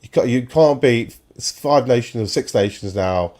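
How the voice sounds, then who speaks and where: A man's voice: mid-range voice, normal speed, darkish tone. A man hosting a football stream, giving opinionated, enthusiastic commentary that rambles at times. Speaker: football podcast host.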